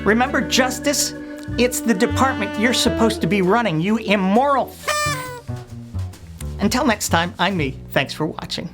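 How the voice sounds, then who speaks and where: A woman's voice: medium pitch, normal speed, loud music behind the voice. A woman hosting a web show, delivering a scripted satirical rant in a sarcastic, scornful, blunt manner. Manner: blunt, profane.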